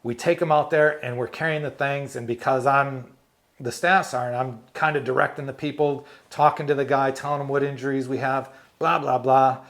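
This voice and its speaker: Animated retired army medic telling war stories. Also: male voice, medium pitch, normal speed. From United States. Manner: animated storyteller, laughs often, acts out quotes. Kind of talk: storytelling interview.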